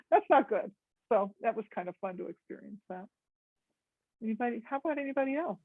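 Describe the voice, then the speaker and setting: An American woman giving a gentle, thoughtful talk on conflict resolution to a meditation group, with many pauses and ums. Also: a little high, very animated, no room sound, phone-quality sound. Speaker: guest speaker on conflict resolution.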